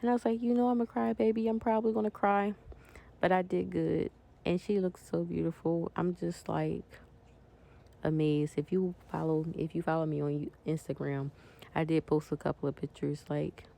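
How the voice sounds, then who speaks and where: A woman's voice: low voice, vocal fry, mellow. A woman vlogger chatting casually to her viewers as she decorates a planner, talking straight to them. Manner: chatty, talks directly to viewers.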